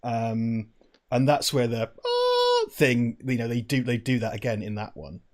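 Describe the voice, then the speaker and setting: Rambling chatty man, mid-pitched. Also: fairly even intonation, moderate pace, darkish tone. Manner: rambling, laughing, self-interrupting. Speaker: co-host of a movie watch-party stream. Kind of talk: casual chat. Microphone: lavalier.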